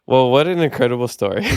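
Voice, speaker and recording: A man hosting a podcast interview, chatting casually and relaxed, often murmuring agreement. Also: mid-range voice, moderate pace, dry recording, clean studio sound. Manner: relaxed, frequent affirming murmurs, laughs easily. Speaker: podcast host.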